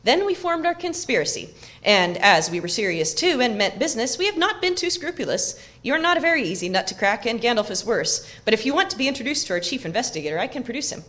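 A clever, loyal young hobbit explains himself in a brisk, confiding way, as a woman reading aloud gives him voice. His lines sit a little higher and louder than plain narration. The pitch moves about a lot. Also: big pitch swings. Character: clever, loyal young male hobbit, self-assured and talkative.

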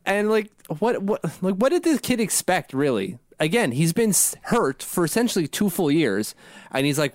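A man's voice: high voice, sing-song, moderate pace, dry recording, studio quality. A man co-hosting a casual sports podcast, rambling and poking fun at himself as he talks. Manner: rambling and self-deprecating, laughs at himself. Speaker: podcast co-host.

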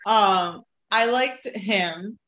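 A woman's voice: medium pitch, drawn-out words, bright, forceful tone. Chatty laughing woman in an echoey room. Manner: chatty, laughs often, rambling. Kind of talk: casual chat.

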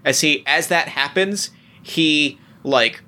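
A man narrating as game master, talking in halting bursts full of restarts and fillers. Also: a little high, sharp tone.

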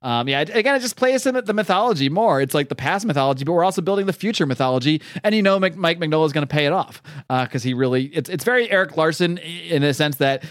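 A young man reviewing comics in casual, animated talk, swearing and laughing often. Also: a little high, quick pace, few pauses, no room sound, clean studio sound.

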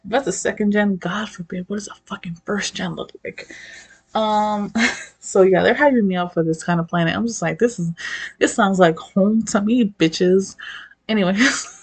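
A woman casually retelling a story, chatty and full of swearing and "like". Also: medium pitch. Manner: chatty, swears a lot, lots of "like". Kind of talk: casual chat.

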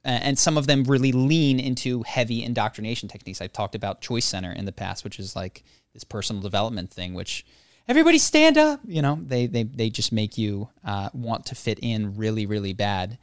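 A man on a podcast telling a personal story in a casual chat, animated, acting out the voices of others and joking at his own expense. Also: fairly low pitch, a little fast, clean tone, no echo, clean studio sound. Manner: animated, acts out quoted voices, laughs often; self-deprecating humor.

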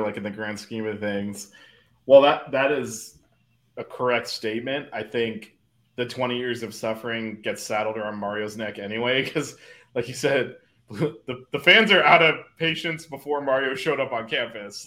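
A man's voice: mid-range voice, bright, forceful tone. A man co-hosting a sports podcast, easygoing and laughing between points in casual chat. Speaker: podcast co-host.

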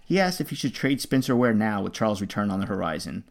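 A man co-hosting a podcast, reading listener mail and chatting in a halting way. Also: on the low side, expressive, gravelly. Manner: halting, with restarts and fillers. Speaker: podcast co-host. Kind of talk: casual fantasy football chat.

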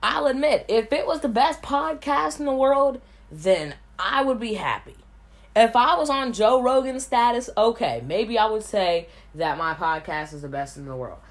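A woman's voice: fairly high pitch, animated, moderate pace. A woman hosting a solo podcast in casual, blunt talk, rambling and repeating words as she goes. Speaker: podcast host.

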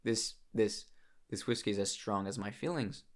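A man's voice: lowish voice, normal speed. A young man vlogging in a casual, emotional monologue, swearing often and restarting his sentences as he talks about his feelings.

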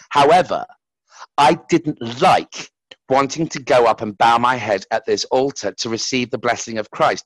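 A man's voice: medium pitch, fairly bright tone, dry recording, rough recording. A man telling a candid personal story as a podcast guest, speaking frankly and swearing casually.

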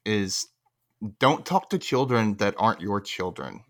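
A man's voice: on the low side, expressive, unhurried, fairly bright tone. A man in casual podcast chat, griping in an exasperated way. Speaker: podcast panelist.

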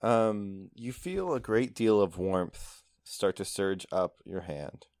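A man running a tabletop game as game master, casual and quick to laugh. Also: on the low side, darkish tone, no room sound, studio quality. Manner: laughs often, casual with fillers.

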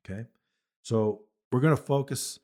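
A man's voice: medium pitch, moderate pace, darkish tone. A man who raises beef cattle, hosting a podcast and talking bluntly and emphatically about marketing with folksy conviction. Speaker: cattle farmer and podcast host. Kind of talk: motivational podcast talk.

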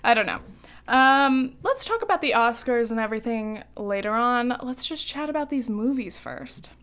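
Young woman, podcast co-host, slightly high pitch, casual, giggly and chatty. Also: animated, moderate pace, fairly bright tone. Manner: chatty and giggly, many ums and likes. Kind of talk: casual chat.

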